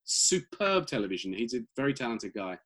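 A British man, a guest writer, chatting casually in an interview, animated and full of restarts. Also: medium pitch, a little fast. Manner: animated, many restarts and repeated words.

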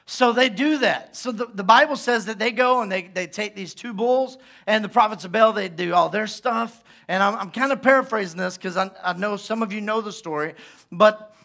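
A man preaching a sermon as pastor, retelling a story with lively asides and acted-out quotes. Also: high voice, normal speed, creaky.

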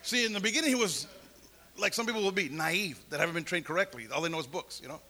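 A man preaching a testimony, telling his story and acting out the people in it, at times rising to shouts. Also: sits high, quick pace, a little hiss or hum. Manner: storytelling, acts out voices, builds to shouts. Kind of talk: sermon testimony.

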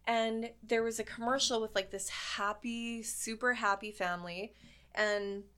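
A woman in her thirties chats on a podcast, telling stories loosely and casually with frequent "like"s and the odd swear word. Her voice is on the high side and very bright. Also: steady tone, a little slow, clean tone. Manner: chatty, laughing, swears freely, tearful at times. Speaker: podcast co-host. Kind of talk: casual chat.

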